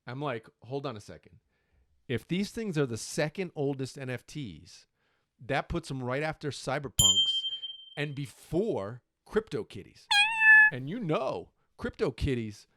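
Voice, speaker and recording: A middle-aged man hosting his own show, excitedly retelling a story with many quoted exclamations. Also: medium pitch, measured pace, no echo, studio quality. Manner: animated, breathless retelling full of quoted exclamations. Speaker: show host.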